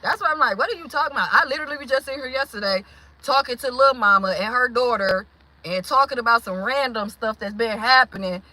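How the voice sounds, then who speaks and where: Bright-voiced, blunt woman venting. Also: on the high side, a little fast, no echo, low-quality recording. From Milwaukee, Wisconsin. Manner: animated, blunt, confrontational. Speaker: vlogger. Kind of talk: venting monologue.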